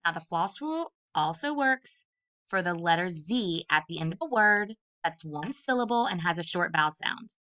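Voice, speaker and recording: A woman teaching early readers, her voice bright and slightly lower than most. She talks in a clear, deliberate way and sounds out each letter slowly. The recording is dull and lo-fi. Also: animated. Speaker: literacy specialist. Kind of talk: early-grade phonics lesson.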